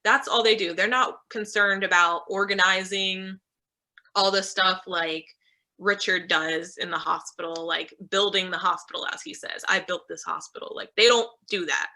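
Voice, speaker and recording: Young woman, bright voice, guest speaker, candid casual chat, video call. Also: medium pitch, fairly even intonation, normal speed. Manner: candid, chatty, says "like" often.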